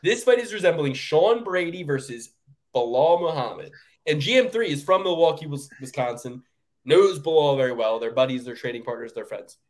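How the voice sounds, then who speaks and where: A man co-hosting a sports betting podcast, ranting in casual, profane chat with sudden jumps up in pitch. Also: animated, normal speed. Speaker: podcast co-host.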